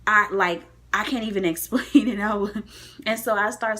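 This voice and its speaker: A woman's voice: medium pitch, brisk, fairly bright tone. Candid young woman telling her birth story. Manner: emotional, candid, tearful at times. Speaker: vlogger. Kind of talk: personal storytelling vlog. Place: hospital room.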